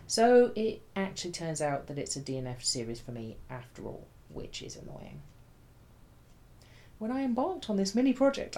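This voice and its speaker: A woman's voice: low-pitched, a little mellow. A woman reading a scripted book review in a dry, wry, chatty manner.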